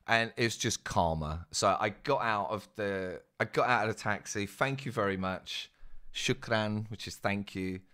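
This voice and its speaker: A man's voice: fairly low pitch, a bit bright. A young man telling a rambling, casual anecdote with plenty of swearing. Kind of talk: casual storytelling.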